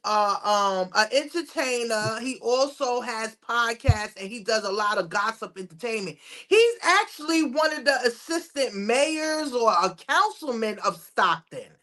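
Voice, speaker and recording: A woman co-hosting a podcast in loose, casual talk. Her voice sits high and swings widely, and she is blunt and lively, acting out what people say. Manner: animated, blunt, acts out quotes. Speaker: podcast co-host. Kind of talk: casual chat.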